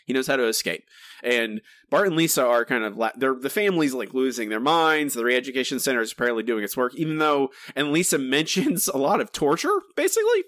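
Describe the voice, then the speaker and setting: A man's voice: mid-range voice, animated, fairly quick, a bit bright, no room sound. A man co-hosting a podcast, ranting in exasperated casual chat with many restarts and asides. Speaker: podcast co-host.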